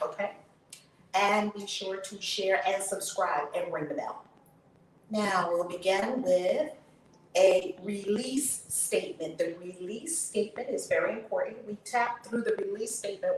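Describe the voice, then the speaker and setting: A woman hosting her channel, leading a guided tapping session with slow, drawn-out chanted affirmations that turn breathy and emphatic. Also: mid-range voice. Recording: echoey room, distant mic, faint noise.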